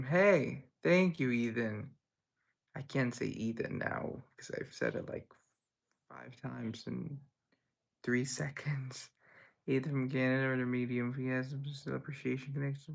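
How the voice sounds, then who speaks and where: Gravelly young man chatting on a livestream. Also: mid-range voice, fairly even intonation, moderate pace. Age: young adult. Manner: reads chat aloud and answers, rambling and playful. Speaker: livestream host. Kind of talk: casual livestream chat.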